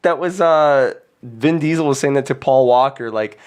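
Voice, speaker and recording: A man's voice: mid-range voice, moderate pace, clear, resonant tone. A man hosting a podcast in casual chat, telling stories with lots of laughter, swearing and "dude". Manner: profane, laughing storyteller who says "dude" constantly. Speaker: podcast host.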